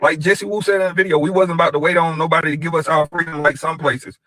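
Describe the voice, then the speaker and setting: A man's voice: on the high side, steady tone, fast, fairly bright tone, dry recording, poor audio. A man, making a blunt, argumentative point through a story.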